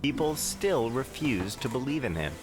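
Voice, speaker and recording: Man doing calm pious Noah for a kids' cartoon, earnest storybook read, lively pitch, music bed underneath. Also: normal speed, natural voice. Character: calm pious male biblical patriarch. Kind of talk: scripted children's cartoon narration.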